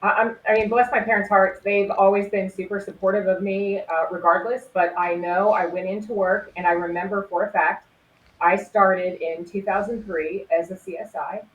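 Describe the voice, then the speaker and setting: A former crime scene investigator in her forties tells stories earnestly in a conversational interview, laughing easily. Her medium-pitched voice is steady at normal speed, with slight background noise, a roomy echo and faint ambience.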